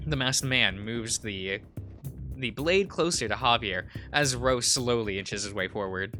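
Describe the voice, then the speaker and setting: A man's voice: fairly low pitch, a little slow, sharp tone, soft background music. A man hosting a let's play, reading a visual novel aloud in a casual way with fillers.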